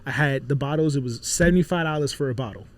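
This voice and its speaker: A man from Miami in his thirties, a podcast guest telling lively stories in casual chat and acting out the voices of people he quotes. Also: medium pitch, quick pace. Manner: animated storyteller, acts out quotes.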